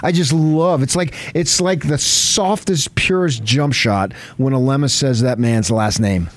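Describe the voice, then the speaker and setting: A male radio host in casual sports chat, talkative and quick to laugh, with rambling restarts. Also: medium pitch. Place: radio studio.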